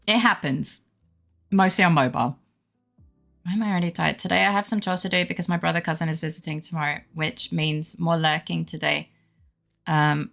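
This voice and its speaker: A young woman streamer with a lowish, gravelly voice chats to her viewers in a rambling, gushing way. Soft music plays faintly under her talk, picked up by her desk mic. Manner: chatty, rambling, gushing about her dog; baby-talk voice toward her dog. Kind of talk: casual chat with live chat.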